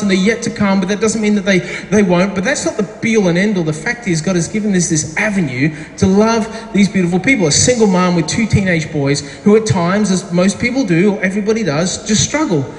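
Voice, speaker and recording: A man's voice: high voice, a little hiss or hum. A middle-aged man preaching a sermon as pastor, telling a story chattily with self-deprecating asides. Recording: echoey hall with faint ambience.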